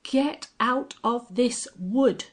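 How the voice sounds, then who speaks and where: A woman voicing an angry English country squire who blusters and shouts threats, with a breathy voice. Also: mid-range voice, expressive, a little slow. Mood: threatening.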